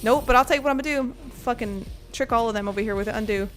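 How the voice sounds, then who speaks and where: A woman's voice: on the high side, fast talker, faint music behind. A woman streaming a game, rambling through a story between fights, laughing often and swearing casually. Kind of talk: casual gameplay commentary and storytelling.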